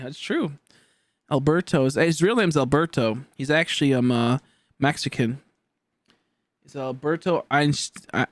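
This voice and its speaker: A man's voice: medium pitch, normal speed, no room sound, studio quality. A man in his twenties chatting casually on a game live stream, rambling and joking as he answers chat aloud. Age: 20s.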